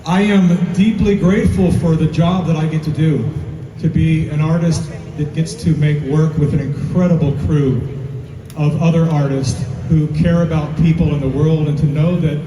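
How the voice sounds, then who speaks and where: A man's voice: fairly high pitch, steady tone, normal speed, mellow. A man speaking to a live audience at a film premiere, earnest and grateful, building to emphatic peaks. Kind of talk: heartfelt speech to a live audience. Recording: roomy hall, voice from far off, crowd and noise behind.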